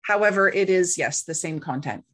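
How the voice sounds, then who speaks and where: Speaking at normal speed in a fairly low voice, this middle-aged woman is a guest in an interview. She tells her story in a relaxed, animated way, performing the voices of whoever she quotes.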